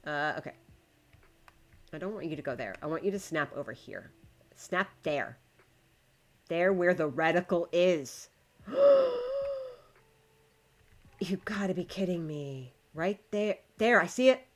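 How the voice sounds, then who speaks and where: Low-voiced woman streaming a building game. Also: lively intonation, measured pace, long pauses. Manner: chatty, talks to the game and to chat, swears when frustrated. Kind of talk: casual live-stream chat while building in a game.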